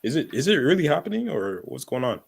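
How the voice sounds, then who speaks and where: A man's voice: mid-range voice, very animated, fast talker, gravelly, husky. A man co-hosting a casual boxing chat, laid-back and agreeing often. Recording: audible background noise.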